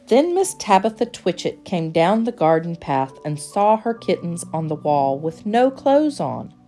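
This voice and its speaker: A woman reading a children's storybook aloud in a gentle, expressive, measured way. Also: fairly low pitch, soft background music.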